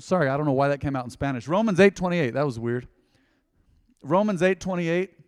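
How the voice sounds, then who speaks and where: A middle-aged man preaching a sermon in a church, boldly and with passion. He moves from quiet asides to loud, emphatic calls to the congregation. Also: mid-range voice. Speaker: pastor. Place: church sanctuary. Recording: long hall reverb.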